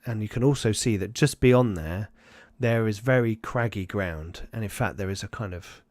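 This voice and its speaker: Low-voiced game master. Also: male voice, normal speed, darkish tone, dry recording, studio quality. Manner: loose, searching narration that acts out side characters. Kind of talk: improvised tabletop narration.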